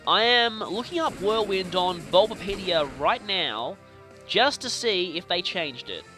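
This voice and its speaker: A young man casually commenting on his video game play, chatty and playful with animated reactions. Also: sits high, a little slow. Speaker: let's play host. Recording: faint game music behind.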